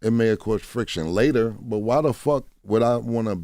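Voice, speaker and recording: A man with a fairly low, warm voice tells candid stories at a moderate pace as a radio guest. He's blunt, swears freely, and keeps asking "you know what I'm saying." The studio-mic recording is dry and studio quality.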